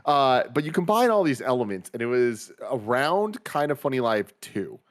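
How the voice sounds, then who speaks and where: A man in his thirties, co-hosting a podcast in casual chat, telling a story and acting out the dialogue with big leaps in his voice. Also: normal speed. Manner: animated, acts out dialogue with big pitch jumps. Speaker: podcast co-host.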